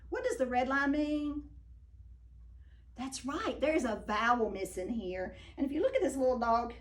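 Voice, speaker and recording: A woman teaching a phonics lesson to young children, speaking slowly and praising each answer. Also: a little high, distant mic.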